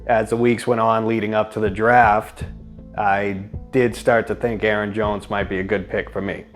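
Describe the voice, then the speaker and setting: Man with a lowish voice, matter-of-fact interviewee, music under him. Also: flat delivery, moderate pace. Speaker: league member. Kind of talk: comedic mock-documentary interview. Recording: music playing behind.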